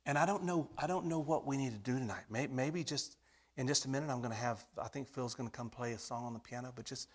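A pastor preaching a sermon, calling the congregation "folks" and swinging from hushed whispers to loud, emphatic appeals. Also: male voice, medium pitch, fairly quick.

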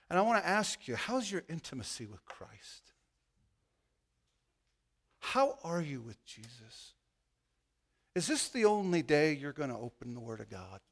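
A male pastor preaching an impassioned sermon in a folksy way with joking asides, swinging from hushed lines to loud ones. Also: medium pitch.

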